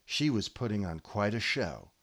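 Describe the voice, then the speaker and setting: A man hosting a podcast, giving a deadpan comic monologue with mock-earnest, solemn delivery. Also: on the low side, normal speed. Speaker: podcast host.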